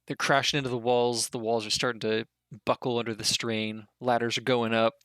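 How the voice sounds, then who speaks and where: A man narrating a tabletop game as dungeon master, in a loose, halting way with spoken sound effects. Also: medium pitch, level tone, fairly bright tone, clear, resonant tone, no room sound.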